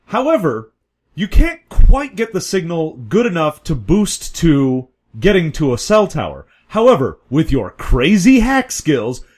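Male game master, playful narration, high voice, husky. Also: wildly swooping pitch, a little slow, darkish tone.

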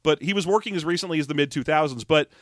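A man's voice: on the high side, racing, dry recording, studio quality. A man co-hosting a podcast in casual chat, rambling, laughing and swearing as he retells a plot. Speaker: podcast co-host.

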